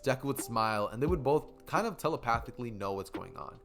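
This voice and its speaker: A young man with an average-pitched voice tells a fan story off the cuff. He talks in a loose, rambling way with plenty of fillers and restarts. Faint music plays behind him. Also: expressive, fast, few pauses. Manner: casual and rambling, many fillers. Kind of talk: improvised fan story narration.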